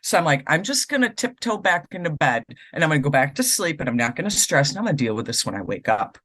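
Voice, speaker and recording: Woman from the east coast, swearing her way through a story, bright voice. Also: deep voice, fast talker. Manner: swears freely, animated storytelling. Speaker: podcast co-host. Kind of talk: casual chat.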